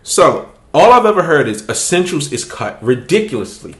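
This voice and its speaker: A man's voice: fairly high pitch, big pitch swings, normal speed, reverberant. A man hosting a podcast, telling a story in casual, profane chat and laughing as he goes. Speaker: podcast host.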